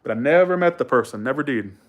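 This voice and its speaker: A man's voice: medium pitch, lively intonation, fast talker. A young man from Georgia, chatting casually with viewers and rambling through a story, full of restarts and asides. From Georgia, USA. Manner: rambling, self-correcting, colloquial, quotes others in raised voice. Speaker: live streamer chatting with viewers.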